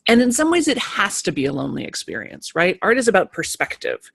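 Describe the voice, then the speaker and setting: A woman giving a live motivational talk to an online group of creative people, emphatic and animated, repeating key phrases. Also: mid-range voice, brisk, creaky, breathy edge.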